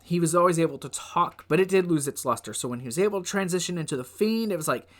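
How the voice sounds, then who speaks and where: A young man hosting a casual countdown, talking loosely and rambling, with drawn-out pauses and muttered asides. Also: on the high side, animated, a bit bright. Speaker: host.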